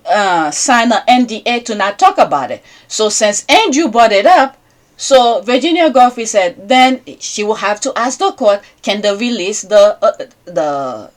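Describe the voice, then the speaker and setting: A woman hosting a podcast, talking in a rambling casual monologue and checking in with listeners by asking "okay?" again and again. English is not her first language. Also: mid-range voice. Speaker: podcast host.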